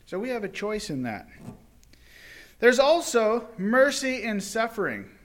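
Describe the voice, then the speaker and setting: A male preacher giving a sermon, retelling a parable in animated, dramatic storytelling. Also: very high-pitched, measured pace.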